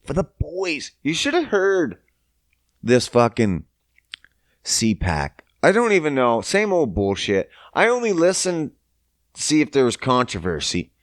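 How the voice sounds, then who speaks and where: A man's voice: mid-range voice, wildly swooping pitch, unhurried, no echo, clean studio sound. A man from Canada hosting a podcast, ranting in a casual, profane, incredulous and sarcastic way. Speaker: podcast host. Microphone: podcast mic.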